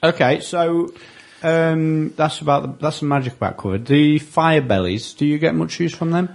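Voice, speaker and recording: A man's voice: fairly high pitch, normal speed, vocal fry. A man co-hosting a podcast, asking questions and steering a casual chat about a tabletop wargame. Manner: asks questions and steers the discussion.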